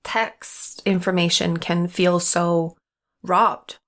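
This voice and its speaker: A woman's voice: fairly low pitch, little pitch movement, takes it slowly. Woman podcast co-host, chatty, thinks aloud, video call. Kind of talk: casual chat.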